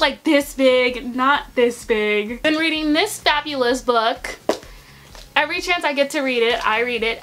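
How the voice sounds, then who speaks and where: A young woman vlogger with a high voice does a casual unboxing review, sounding animated as she swings between excitement and exasperation.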